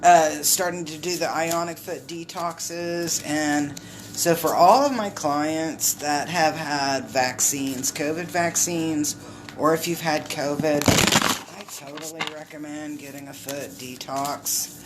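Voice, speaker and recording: A woman's voice: deep voice, steady tone, slow, background noise. A middle-aged woman, an intuitive card reader, chatting casually and rambling through a live card reading while greeting viewers.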